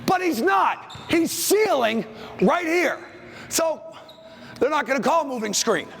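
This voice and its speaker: High, gravelly-voiced basketball coach barking drills. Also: male voice, lively intonation, fairly bright tone, a little hiss or hum. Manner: brisk commands, calls out plays. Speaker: basketball coach leading a clinic. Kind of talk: on-court coaching drill instruction. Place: school gym.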